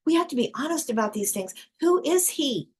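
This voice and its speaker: A woman's voice: high voice, lively intonation, a little fast. A woman hosting a casual group discussion, talking earnestly and emphatically with frequent restarts. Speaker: discussion host.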